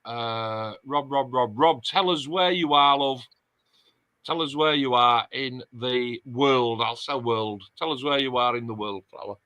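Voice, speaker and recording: A chatty man hosts a casual livestream and reads out viewer comments. His voice is bright and forward, and he sounds close and dry. He keeps a middle pitch and an easy, joking manner. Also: unhurried, smooth, dry recording. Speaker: host.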